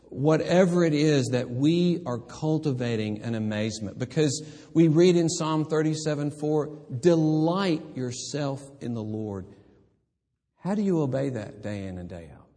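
An older man preaching a sermon, moving from hushed, tender reflection to emphatic, impassioned exhortation. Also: mid-range voice, breathy edge, big-room sound. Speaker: pastor.

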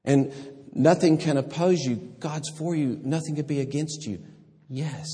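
In a fairly high, warm voice at a slow pace, an older pastor tells stories during his sermon, acting out voices and laughing. Long hall reverb fills the recording.

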